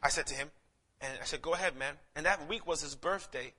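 Pastor from Saint Lucia, high ringing voice, preaches hard then tells stories soft. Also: male voice, brisk, breathy edge. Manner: impassioned preaching that swells to near-shouts, then drops soft for storytelling. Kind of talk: sermon with personal storytelling.

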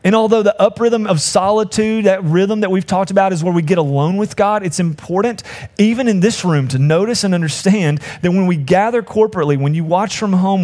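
A man's voice: high-pitched, darkish tone. Conversational male pastor preaching. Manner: conversational, acts out quoted voices with humor. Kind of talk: sermon.

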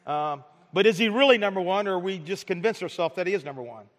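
A man's voice: high voice, expressive, fast. A male pastor preaching a sermon, with many stammering restarts and rhetorical questions to the congregation. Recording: long hall reverb.

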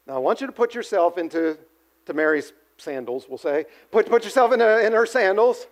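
Male pastor, high-pitched, animated storytelling sermon with audience call-outs. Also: a little fast. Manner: animated storytelling, acts out quotes, asks the audience.

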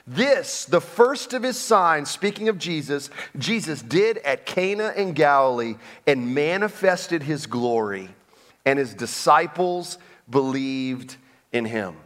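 A man's voice: fairly high pitch, lively intonation, slow pace, a bit bright. A man preaching a sermon as pastor, in a conversational way with frequent restarts and asides. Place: church sanctuary. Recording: long hall reverb.

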